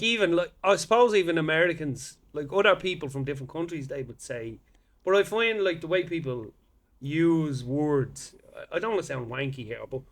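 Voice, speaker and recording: Irish male comic, fairly high and very lively pitch, rambling sweary chat with quick impressions. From Ireland. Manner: rambling, swears freely, mimics how people talk. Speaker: comedian guest. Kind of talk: casual podcast chat.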